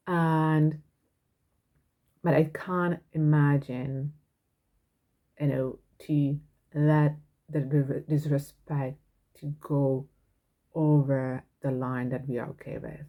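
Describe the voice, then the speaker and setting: A woman's voice: deep voice, flat delivery, unhurried, dark tone. A woman hosting a parenting podcast, talking frankly and earnestly in a casual monologue.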